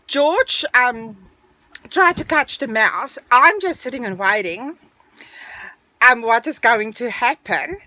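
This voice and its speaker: A middle-aged woman tells a personal story in an animated, dramatic way. Her voice sits fairly high and bright, swinging up and down as she talks. It is recorded dry and close to the mic. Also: dry recording. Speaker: vlogger telling a personal story. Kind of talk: casual storytime.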